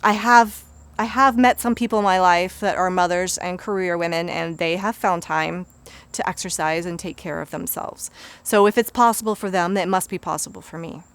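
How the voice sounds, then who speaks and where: A woman's voice: on the low side, steady tone, normal speed, clear, resonant tone. A woman, a busy mother in her thirties, giving earnest, conversational self-help advice as a life coach. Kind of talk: motivational self-help talk.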